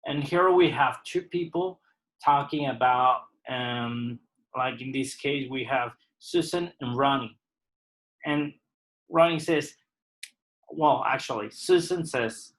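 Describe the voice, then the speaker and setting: A man's voice: mid-range voice, slow pace, a bit bright, low-quality recording. A man teaching an English lesson, explaining words patiently and step by step. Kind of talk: slow recorded lesson explaining vocabulary.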